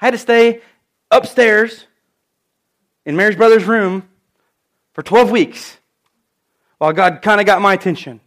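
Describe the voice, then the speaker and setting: A man's voice: high-pitched, measured pace, long pauses, a bit bright. A man in his thirties preaching a sermon, telling personal stories in an emphatic way.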